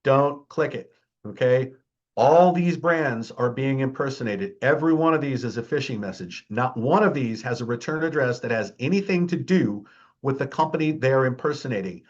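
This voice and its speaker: A man's voice: mid-range voice, lively intonation, normal speed, dull audio. A man presenting a security awareness training. He talks in a chatty, emphatic way, keeps checking in with the audience, and mocks scams with dry humor. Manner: wry, mocking tone toward scams.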